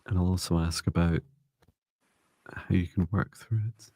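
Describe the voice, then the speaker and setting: A man co-hosting a live psychic reading stream, chatty and quick to laugh. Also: low voice, level tone, warm tone, dry recording. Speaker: co-host, psychic reader.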